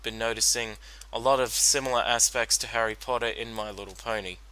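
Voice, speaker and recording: A man's voice: mid-range voice, steady tone, fairly quick, pushed and bright, rough recording. A man giving a solo commentary on a cartoon episode, rambling with many fillers and restarts. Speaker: reaction commentator.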